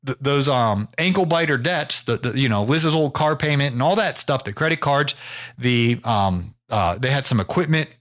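A man's voice: medium pitch, expressive, normal speed, fairly bright tone. A man from the United States hosting his own podcast, telling a story in a casual, rambling way with lots of fillers and restarts. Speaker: podcast host.

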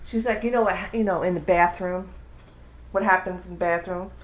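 Animated woman telling a funny story. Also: brisk. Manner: acts out quotes with big pitch jumps. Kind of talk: casual chat, animated storytelling.

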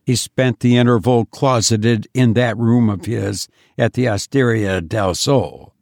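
Male audiobook narrator, measured and dramatic, dry close-mic read. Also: mid-range voice, gravelly, a little mellow, no room sound. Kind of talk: scripted narration of a historical novel.

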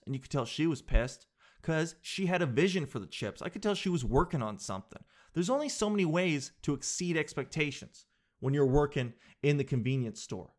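A young man in his twenties performing a stand-up comedy routine, talking in an animated, slangy way and jumping into quick impressions of other people. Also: medium pitch.

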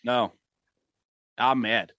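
A man's voice: mid-range voice, steady tone, extremely slow, sharp tone, no room sound. A man co-hosting a sports podcast, talking in a blunt, profane, ranting way. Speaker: podcast co-host. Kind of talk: casual sports chat.

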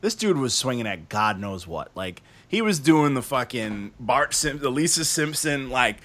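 A man's voice: mid-range voice, big pitch swings, moderate pace, a bit bright. A man hosting a casual talk show, reviewing music in a loose, joking way with plenty of swearing. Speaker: podcast host reviewing music. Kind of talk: casual chat.

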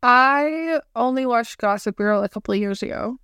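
A young woman co-hosting a podcast in casual chat, animated and quick to act out little quoted lines. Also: a little high, clean tone, no room sound, studio quality. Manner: chatty, animated, quotes herself in voices. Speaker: podcast co-host.

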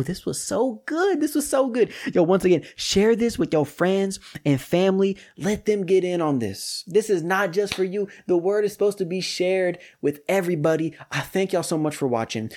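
Lively colloquial podcast preacher man. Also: fairly high pitch. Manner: lively, colloquial and talks straight to the audience. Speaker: host of a scripture study podcast. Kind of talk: casual preaching.

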